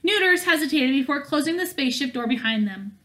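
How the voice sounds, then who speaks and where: A woman reading a novel aloud in a steady manner, with small slips and restarts along the way. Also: high-pitched, brisk. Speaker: audiobook reader.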